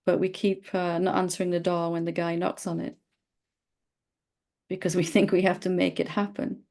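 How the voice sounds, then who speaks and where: A middle-aged woman leading a satsang dialogue as a spiritual teacher, speaking gently and playfully, sometimes teasing. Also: on the low side, flat delivery, moderate pace, gravelly.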